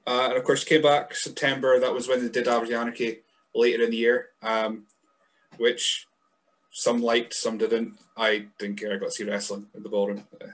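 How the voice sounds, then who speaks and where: Brief: host from Scotland, casual rambling interviewer, average pitch. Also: male voice, little pitch movement, moderate pace. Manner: rambling questions with restarts. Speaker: podcast host.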